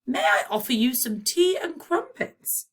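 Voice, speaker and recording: A woman reading aloud and voicing a calm, gracious elderly queen who speaks slowly and very politely. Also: sits high, husky, voice pushed up, heavily acted. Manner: slow, stately, very polite.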